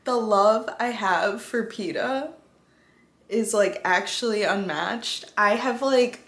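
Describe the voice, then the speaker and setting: Young female vlogger, unhurried, giggles, swears offhand, gushes; echoey room sound. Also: medium pitch, a bit bright. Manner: giggly, casual swearing, gushing. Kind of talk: casual vlog chat.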